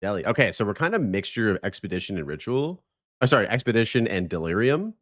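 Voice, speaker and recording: A man's voice: fairly low pitch, very animated, fast talker. A man hosting a live stream, chatting casually, greeting viewers and joking.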